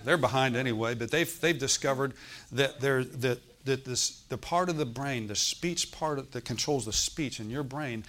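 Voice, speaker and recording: A man preaching a sermon in a joking, conversational way, laughing often and building up to loud exhortation. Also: mid-range voice, moderate pace.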